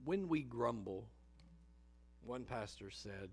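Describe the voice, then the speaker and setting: Gravelly-voiced preacher, storytelling. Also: male voice, measured pace. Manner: storytelling, vivid and animated, drops low and quiet for emphasis. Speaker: pastor. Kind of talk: sermon. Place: church sanctuary.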